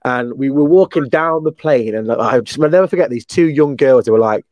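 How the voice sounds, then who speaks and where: A man's voice: mid-range voice, fairly quick, a little mellow, no echo. A British man hosting a casual chat, chatty and often repeating words as he starts a thought. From United Kingdom. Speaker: host.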